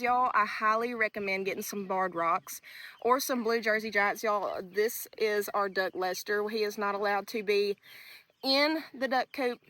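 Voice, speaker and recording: Young woman, upbeat homestead vlogger, slightly high voice, outdoor handheld phone sound. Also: pushed and bright. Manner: chatty, upbeat, says "y'all" constantly. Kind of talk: casual walk-around vlog. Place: outdoors on a farm, by coops and garden. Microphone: handheld phone, no tripod.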